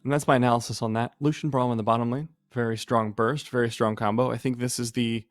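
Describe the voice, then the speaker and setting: Young male color caster, chatty and enthusiastic, slightly hoarse. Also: mid-range voice, fairly even intonation, fast talker, no echo, soft background music. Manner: chatty, enthusiastic, laughs easily. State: a little hoarse. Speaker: esports co-caster. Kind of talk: live color commentary.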